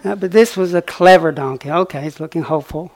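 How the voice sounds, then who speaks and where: A man giving a dharma talk, telling a story in a soft-spoken way that often drops quiet and breaks into chuckles. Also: fairly high pitch, fast. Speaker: meditation teacher.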